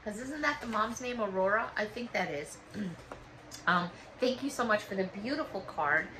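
A woman's voice: mid-range voice, expressive, normal speed, noisy background. A woman in her fifties chatting casually and gratefully as she opens fan mail. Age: 50s. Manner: warm, gushing, chatty and thankful. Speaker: vlogger opening fan mail. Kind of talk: casual chat.

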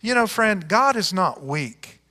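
Slow-preaching high-voiced pastor. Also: male voice, sing-song, sharp tone, in a large hall. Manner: dramatic scripture reading with wide swings in pitch and volume. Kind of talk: sermon. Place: church sanctuary.

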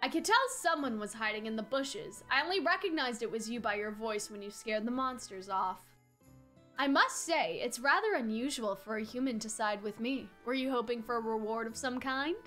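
A woman voicing a calm, aloof male fae prince, speaking slowly and formally in a lowered voice. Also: faint music behind.

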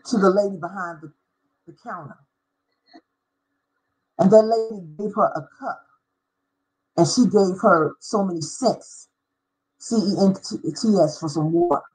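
A middle-aged woman, a former schoolteacher, telling a personal faith story with deep feeling and spelling out words for emphasis. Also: a little slow, long pauses, darkish tone, breathy edge, rough recording. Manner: emotional, spells out words, sings briefly. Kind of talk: personal testimony.

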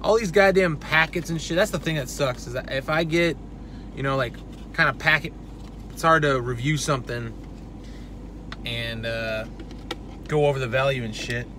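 A man's voice: medium pitch, normal speed, pauses often, sharp tone, slight background noise. A man giving a casual, profane product review in a brash, loose way. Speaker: supplement reviewer.

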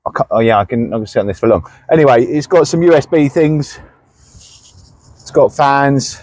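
A man's voice: medium pitch, lively intonation, moderate pace, a little mellow, a little hiss or hum. A man hosting a car walkaround, joking and teasing his co-host in playful banter.

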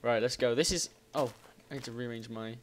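A man hosting a gaming channel, giving rambling, excitable let's play commentary and exclaiming at the game. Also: mid-range voice, a little fast, slight background noise.

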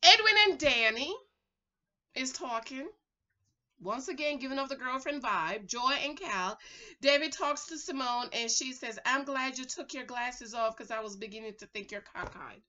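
Sassy middle aged lady recapping reality tv, sharp bright voice, yells a lot, kinda muffled recording. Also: sits high, normal speed. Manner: animated and sassy, breaks into loud exclamations. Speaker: reality show recap host.

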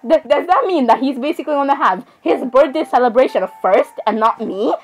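A woman's voice: high voice, lively intonation, brisk, a little mellow, breathy edge, soft background music, rough recording. A woman giving casual gameplay commentary, chatty and playfully sarcastic, laughing often. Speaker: gamer.

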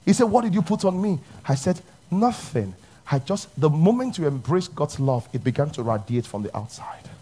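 A man preaching a sermon, shifting from loud exclamations to hushed, intimate speech. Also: on the high side, big pitch swings, normal speed, breathy edge. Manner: dramatic swings between shouting and hushed speech. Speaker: pastor.

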